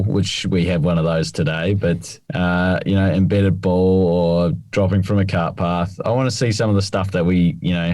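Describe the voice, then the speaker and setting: A man co-hosting a podcast as the rules expert, explaining things in a laid-back, measured way. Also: deep voice, mellow, dry recording. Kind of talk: casual chat.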